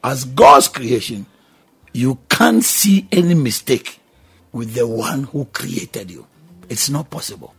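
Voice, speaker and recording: Emphatic Ghanaian preacher with gravelly voice. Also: male voice, medium pitch. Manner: emphatic, exclaiming and questioning the listener; alternates between two languages. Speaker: pastor. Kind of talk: radio sermon.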